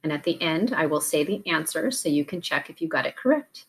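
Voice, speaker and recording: A woman teacher leading a recorded classroom warm-up drill, slow and deliberate, pausing between prompts. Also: deep voice, expressive.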